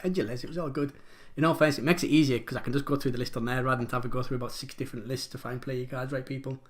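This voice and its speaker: A man's voice: medium pitch, fairly even intonation, racing. A man hosting a pub quiz live from home, chatty and rambling, joking about his own pronunciation as he reads out the questions.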